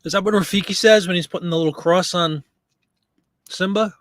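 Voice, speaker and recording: Casual male live-stream host, slightly high voice, dry close mic, talks to chat as he works. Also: fairly quick, fairly bright tone, no room sound. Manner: chatty, reads and answers viewer comments while working. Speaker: live stream host listing items for sale.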